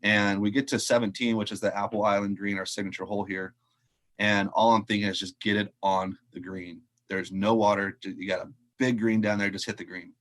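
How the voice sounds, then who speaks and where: This time the low-voiced golf pro moves briskly through his anecdote, still casual and conversational as a podcast guest on a video call. He animates every quoted line and keeps breaking into laughter.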